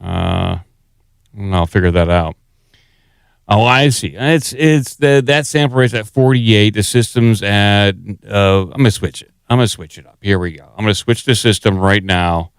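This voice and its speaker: Playing clips and tweaking the sound settings, a podcast host rambles in casual chat. His fairly low voice is creaky yet smooth, at a moderate pace, and the studio-quality recording has no echo.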